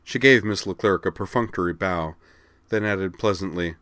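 A man narrating a story aloud in an even, measured way. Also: sits low, no echo. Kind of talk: audiobook narration.

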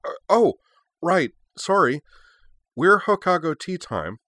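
A man putting on a breathy, high-pitched teen girl singer. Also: big pitch swings, slow, a bit bright, no room sound, studio quality, full character voice. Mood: flustered chirpy. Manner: rambling, flustered. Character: scatterbrained cheerful teenage girl band singer.

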